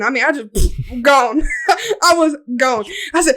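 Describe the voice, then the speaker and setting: High-voiced young woman telling a wild story. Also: a little slow. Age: young adult. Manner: animated, laughing, swearing, acting out voices. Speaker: podcast host. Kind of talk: casual storytelling chat.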